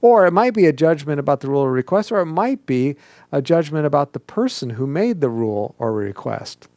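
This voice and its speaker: Gravelly-voiced male pastor preaching. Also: on the high side, very animated, a little fast, mellow, no room sound. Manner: coaches the audience to speak aloud and mimics whiny questions. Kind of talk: interactive sermon.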